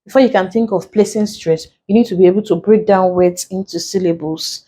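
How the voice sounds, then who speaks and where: A woman with a Nigerian accent teaches an exam prep lesson on English pronunciation. She explains patiently, counts out syllables and repeats key terms so they stick. Her voice sits at a middle pitch for a woman. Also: fairly quick, mellow, slightly rough. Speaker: English tutor.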